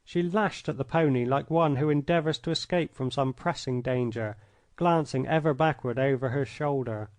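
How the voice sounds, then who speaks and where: A man reading an old adventure story aloud in the first person, measured and expressive, close to a studio mic. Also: medium pitch, no echo. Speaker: audiobook narrator.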